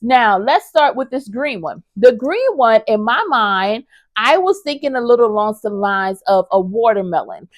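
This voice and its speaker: A woman's voice: fairly high pitch, animated, normal speed, no echo. A woman vlogger chatting casually about her crochet projects, enthusiastic and talking straight to her viewers. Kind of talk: casual review chat.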